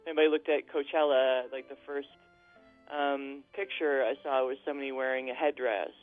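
A guest performer calling in to a radio interview, chatty and rambling with many fillers. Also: male voice, mid-range voice, steady tone, fairly quick. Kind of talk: casual radio interview over the phone. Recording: tinny phone line, dry. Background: faint music.

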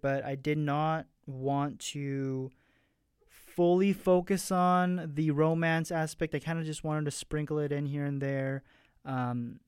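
Man reading aloud his own story softly. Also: a little high, smooth, no room sound, clean studio sound. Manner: soft, hushed reading with slips and restarts.

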